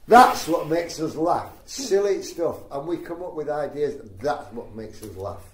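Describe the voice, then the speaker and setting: An older man, a comedian guest, telling stories in an animated, laughing way during an interview. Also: on the high side, a little slow, few pauses. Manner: animated storyteller, breaks into laughter. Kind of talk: anecdotal interview chat. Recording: echoey room, faint noise.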